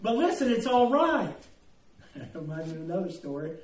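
A man's voice: sits high, sing-song, normal speed, a little mellow. A man preaching a sermon in a church, folksy and joking as he tells anecdotes. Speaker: pastor. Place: church sanctuary. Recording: echoey room, distant mic.

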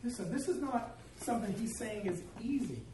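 High-voiced pastor in an echoey room. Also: male voice, brisk. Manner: storytelling, humorous, animated. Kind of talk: sermon. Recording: echoey room, distant mic, faint noise.

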